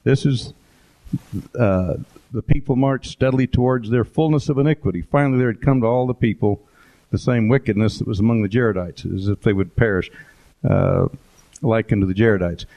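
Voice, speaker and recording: A man's voice: fairly low pitch, a little fast, warm tone. Rambling man giving an anecdotal talk. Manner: rambling, anecdotal, with fillers and asides. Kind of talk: informal presentation with photos. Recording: dull lo-fi recording.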